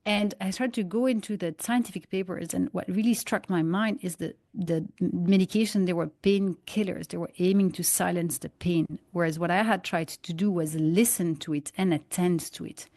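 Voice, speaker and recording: A woman guest in an interview, telling stories and acting out dialogue and analogies in an animated way. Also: fairly low pitch, fairly quick, few pauses, dry recording, studio quality. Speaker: guest, holistic migraine practitioner. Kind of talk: conversational interview, storytelling.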